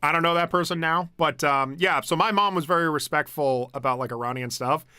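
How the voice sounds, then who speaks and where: Reading comments on his home stream, a young man from the United States talks briskly in a fairly high, pushed, bright voice that's clear and resonant. The sound is studio quality without echo, and he rambles, restarts, curses and laughs freely.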